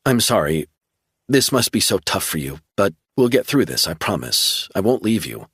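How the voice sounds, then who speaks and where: A man voicing a calm, reassuring woman in an audiobook, speaking in steady promises. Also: on the low side, moderate pace, husky, dry recording, studio quality, heavily acted.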